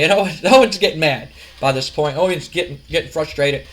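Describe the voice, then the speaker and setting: A man casually narrating a wrestling sim game, rambling and animated with lots of fillers. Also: on the high side, fairly quick, few pauses, low-quality recording. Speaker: gaming video host.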